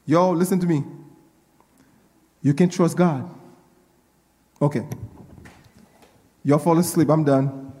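A man's voice: a little high, steady tone, slow pace, pauses often, dark tone, in a large hall. A male pastor preaching a sermon, repeating his lines and working himself up with call-and-response.

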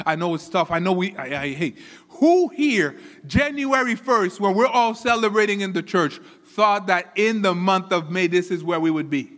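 A man preaching a sermon as pastor, animated, often repeating words as he builds a point. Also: high-pitched, moderate pace, in a large hall. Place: church.

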